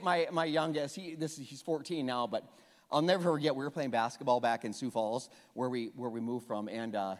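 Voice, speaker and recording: A pastor in his forties preaching a sermon, animated and joking as he acts out the people in the story. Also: fairly high pitch. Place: church hall. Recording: long reverb of a church hall.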